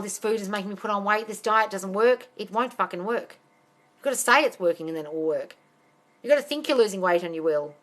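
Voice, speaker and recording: A woman's voice: mid-range voice, a bit bright. Blunt, sweary woman coaching a live stream. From not American. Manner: calls listeners darling. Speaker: manifestation coach.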